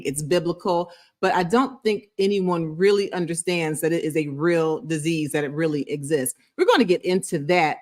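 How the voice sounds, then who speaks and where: Middle-aged southern lady doctor, sassy and emphatic, kinda low voice. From Florida, US South. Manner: emphatic, sassy, addresses commenter directly. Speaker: host, medical doctor. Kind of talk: casual medical commentary video.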